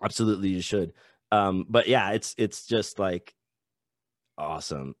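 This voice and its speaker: A man talking as a guest author in a casual podcast chat, loose and animated, swearing and saying "like" a lot. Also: deep voice, measured pace, dry recording, clean studio sound.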